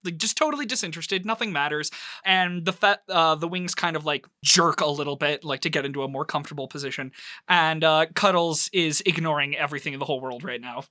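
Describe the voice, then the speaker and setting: A man narrating as game master in a tabletop game, relaxed, with frequent fillers. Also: a little high, fast talker, no echo, studio quality.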